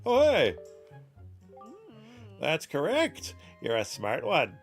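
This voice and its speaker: Give me a pompous, long-winded old scholar, put on by a man, lilting and a touch high. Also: huge pitch swings, takes it slowly, faint music behind, full character voice. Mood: lecturing. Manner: pompous, lecturing.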